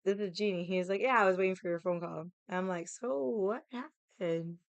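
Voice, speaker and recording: A woman's voice: lowish voice, steady tone, fast talker, clean tone, no room sound. A young woman casually telling a story, laughing often, swearing freely and acting out the voices of the people she quotes. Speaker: vlogger.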